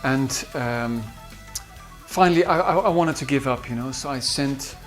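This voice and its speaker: A man's voice: mid-range voice, unhurried. Hesitant Dutch man over faint guitar. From Netherlands. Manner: hesitant, with many fillers and restarts. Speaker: composer recalling his album's singers. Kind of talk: interview reminiscence. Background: faint guitar music.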